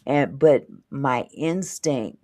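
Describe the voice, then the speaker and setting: A woman telling a story in casual chat, animated and laughing as she talks. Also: rumbling low, slow.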